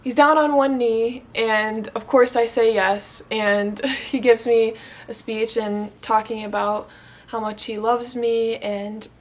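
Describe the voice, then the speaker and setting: A young woman from Michigan tells a personal story straight to the camera. Her voice sits fairly high, and she gushes and gets emotional, filling her sentences with "like.". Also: fairly even intonation, slow pace. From Michigan, USA. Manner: gushing, emotional, heavy use of "like". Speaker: vlogger.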